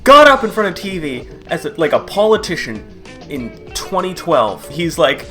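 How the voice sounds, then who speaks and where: A man delivers a profane comedy rant, his voice sitting a bit high for a man. He laughs at his own jokes and bursts into loud, mocking quoted voices, with faint music playing underneath. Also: very animated, measured pace. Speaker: comedy commentary host. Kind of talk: crude casual comedic rant.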